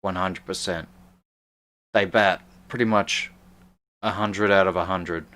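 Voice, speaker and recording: A man's voice: deep voice, fairly even intonation, measured pace, pushed and bright. A man co-hosting a casual talk show who argues bluntly and swears. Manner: blunt, profane, argumentative. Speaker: co-host. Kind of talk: casual chat.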